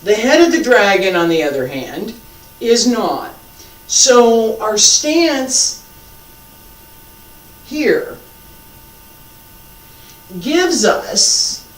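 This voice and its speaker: Slow-spoken teacher heard from afar. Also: mid-range voice. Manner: slow, patient, repeats key points, self-deprecating humor. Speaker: martial arts teacher. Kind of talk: live instruction with demonstration. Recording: echoey room, mic far off.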